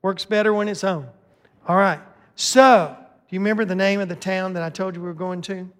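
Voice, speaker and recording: A pastor with a notably high, clean voice delivers a brisk sermon with announcements, lively and joking as he calls people to the front. His handheld mic rings with long reverb through the church sanctuary.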